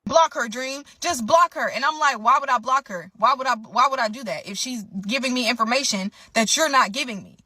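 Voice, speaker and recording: A young adult woman tells an emotional story straight to her listeners, animated and indignant. Her voice sits a little high and sounds bright and forceful. The recording is dry, with no room sound. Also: fairly quick, hardly any pauses, no room sound.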